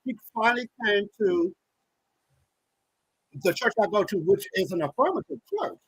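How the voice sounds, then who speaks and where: A man in his thirties, a guest, telling a personal story with animated acted-out dialogue. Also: sits high, moderate pace, husky, dry recording, poor audio. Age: 30s. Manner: animated, acts out quoted dialogue. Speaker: guest, organizational psychologist and author.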